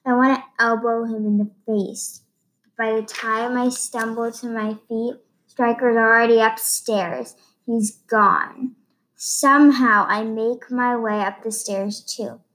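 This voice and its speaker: Slow, higher-voiced woman reading a story. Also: steady tone, a bit bright, low-quality recording. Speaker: reader. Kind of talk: first-person novel read aloud.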